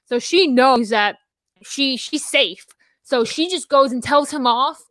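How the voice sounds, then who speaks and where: A woman's voice: sits high, slow pace, a bit bright, no room sound. A young adult woman co-hosting a podcast, talking in casual chat that rambles with frequent restarts and fillers. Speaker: podcast co-host and theater dramaturg.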